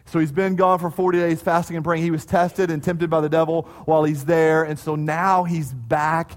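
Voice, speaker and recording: A man preaching a sermon, telling a lively story and acting out crowd chants before reading scripture. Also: on the high side, normal speed. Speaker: pastor.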